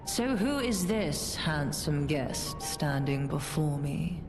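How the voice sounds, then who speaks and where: Low-voiced, haughty game villainess, drawls slowly and with scorn, over loud music. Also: female voice, lively intonation. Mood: scornful. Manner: slow, scornful, theatrical. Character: haughty cruel woman boss who owns puppets. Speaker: boss character. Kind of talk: video game voice acting.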